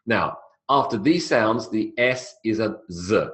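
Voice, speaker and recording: A man lecturing a class on how to pronounce English slows down on his model words, drawing them out, and gives the examples lively upward pitch jumps for emphasis. He isn't from South America.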